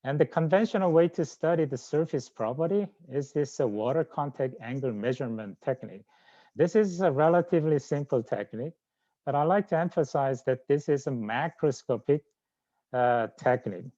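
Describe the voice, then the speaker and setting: Halting man with a Korean accent, lecturing. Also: a little high, mellow, no room sound. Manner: halting, frequent "uh" fillers and restarts. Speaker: scientist giving a research lecture. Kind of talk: academic lecture. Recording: dull lo-fi sound.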